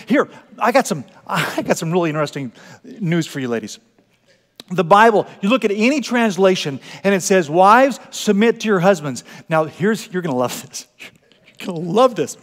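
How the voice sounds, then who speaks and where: A male pastor preaching a sermon with animated delivery, swinging between loud exclamations and quiet asides. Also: sits high, moderate pace, long reverb tail. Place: church sanctuary.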